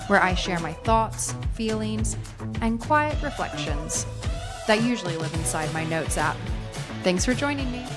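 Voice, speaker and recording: A woman hosting a solo podcast with a head cold, her voice husky and congested, rambling and laughing at herself in casual chat. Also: medium pitch. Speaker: podcast host.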